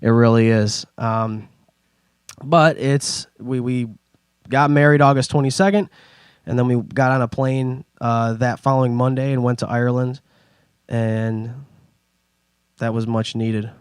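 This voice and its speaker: A man's voice: mid-range voice, measured pace, pauses often, clear, resonant tone, no room sound. Young man telling stories, dry sound. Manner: rambling, animated storytelling with put-on voices. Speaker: podcast host. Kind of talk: casual storytelling.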